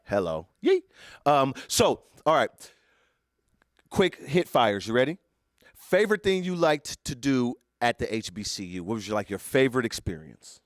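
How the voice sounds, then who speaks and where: A man's voice: mid-range voice, sing-song, normal speed, no echo, clean studio sound. A middle-aged man from Northern California, co-hosting a podcast in a playful, joking way with lots of slang. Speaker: podcast co-host. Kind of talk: casual chat.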